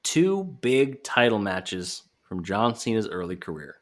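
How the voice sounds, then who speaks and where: Speaking a little slowly in a lowish, sing-song voice, a man co-hosts a casual wrestling podcast. He jokes around, swears, and quotes wrestlers in put-on voices.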